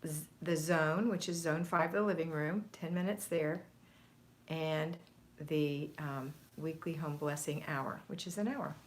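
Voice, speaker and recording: A woman's voice: low voice, fairly even intonation, a little slow. An American woman hosting a home-organizing livestream, chatting casually and greeting viewers by name, a little out of breath. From United States. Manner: chatty, reads viewer comments aloud and greets them by name. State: slightly out of breath.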